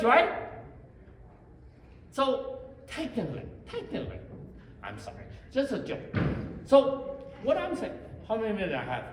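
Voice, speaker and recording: Male speaker, high voice, rambling jokey delivery, distant mic in a reverberant conference hall. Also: a little hiss or hum. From China. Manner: rambling, joking, self-deprecating asides. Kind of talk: joking live conference talk. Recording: echoey hall, mic from far off.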